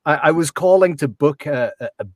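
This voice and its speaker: A man's voice: a little high, expressive, a little fast, a crowd in the background. A man talking casually as an accent coach in an interview, chatty and full of ums and restarts.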